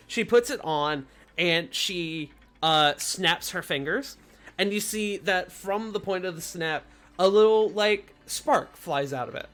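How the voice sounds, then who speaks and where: A woman narrating a tabletop game as game master in a relaxed, halting way, with fillers. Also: fairly low pitch, faint music behind.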